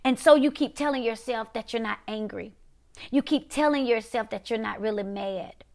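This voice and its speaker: A woman preaching, emphatic and repetitive, dropping to quiet one-word punches. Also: fairly high pitch, moderate pace, creaky. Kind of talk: prophetic preaching to a viewing audience.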